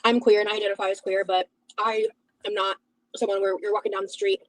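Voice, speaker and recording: A woman chatting casually in a video, sharing snack tips and personal thoughts in a relaxed way. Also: mid-range voice, fast, no room sound, rough recording. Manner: relaxed, chatty, eats while talking.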